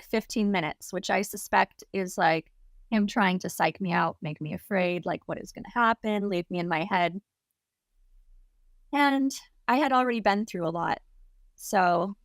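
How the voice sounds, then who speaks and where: A woman's voice: mid-range voice, no echo, studio quality. A young adult woman, a podcast guest, telling a story casually with lots of "like" and acted-out quotes. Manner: chatty, lots of "like", acts out quotes. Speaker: guest, content creator.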